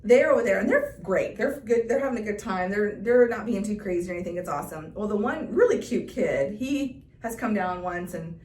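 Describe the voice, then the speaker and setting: A woman's voice: medium pitch, lively intonation, fairly quick, hardly any pauses, a little mellow. A middle-aged woman co-hosting a podcast, telling a story in casual chat with lots of laughter. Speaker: podcast co-host. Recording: roomy echo, mic at a distance.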